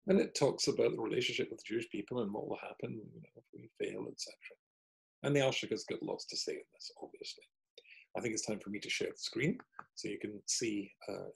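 Rabbi guy teaching torah online, gravelly voice, rambles and thinks out loud, computer mic. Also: fairly low pitch, poor audio. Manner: chatty, digressive, thinking aloud while clicking through the text. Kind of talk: online Torah lesson with shared screen.

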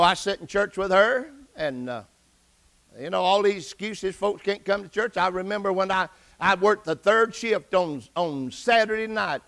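A middle-aged pastor preaching a sermon in a high, gravelly voice. His tone is bright and ringing, and he tells his own story with sudden excited rises. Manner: personal testimony, rising to excited outbursts.

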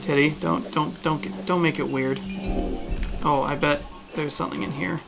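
A man playing a game on stream, joking and reacting excitably in casual commentary. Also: on the high side, moderate pace, gravelly, over music. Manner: jokey, excitable, goofy asides.

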